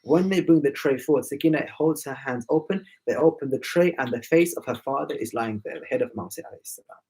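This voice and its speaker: A man's voice: medium pitch, quick pace, a little mellow, breathy edge, low-quality recording. A man storytelling to children at a majlis, emotive and addressing them directly.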